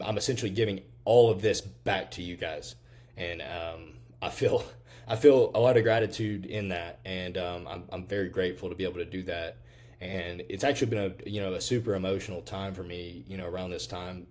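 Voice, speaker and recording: This is a man in his twenties, a physique coach, with a low, somewhat dark voice. He talks to the camera casually and earnestly, packing in "you know" fillers and swearing, and builds into fired-up motivational urging.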